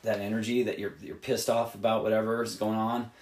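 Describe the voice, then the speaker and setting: A man's voice: fairly low pitch, level tone, brisk, a little mellow, roomy sound. A man who plays in a rock band, giving other bands blunt, rambling advice full of swearing. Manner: profane, emphatic and rambling. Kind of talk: candid advice monologue.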